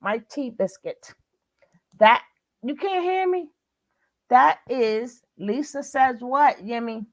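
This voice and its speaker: A woman's voice: sits high, lively intonation, slow, long pauses, highs cut off. A woman with a Brooklyn accent hosting a casual live chat, chatty and calling everyone baby. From Brooklyn, New York. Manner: warm and chatty, calls people baby and darling. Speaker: livestream host.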